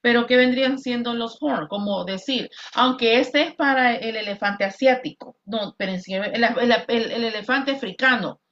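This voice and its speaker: Bright-voiced woman teacher, lo-fi call. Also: fairly high pitch. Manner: drills words slowly, switches between English and Spanish. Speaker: English teacher. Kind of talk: online class instruction. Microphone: video call. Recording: lo-fi video call audio.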